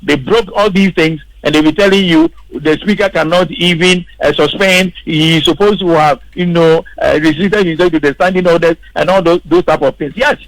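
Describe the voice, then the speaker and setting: Emphatic male radio commentator with a gravelly edge and a dry, close sound. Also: a little high, steady tone, moderate pace, few pauses, dry recording, low-quality recording. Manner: emphatic, repeats words for stress. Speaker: political commentator. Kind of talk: radio panel discussion. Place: radio studio.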